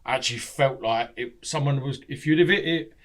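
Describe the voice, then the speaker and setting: A middle-aged man, a podcast guest telling candid stories, animated and swearing freely, acting out what people said. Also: mid-range voice, a little fast. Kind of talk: candid storytelling.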